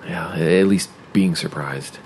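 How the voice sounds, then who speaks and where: An actor playing a nervous young adult son who talks in a halting, stammering, uneasy way. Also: male voice, sits low, a little hiss or hum.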